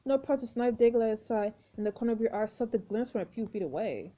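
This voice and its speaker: A woman reading a story game aloud with expressive commentary, exclaiming at each turn. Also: a little high, fast. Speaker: gameplay narrator. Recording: dull lo-fi recording.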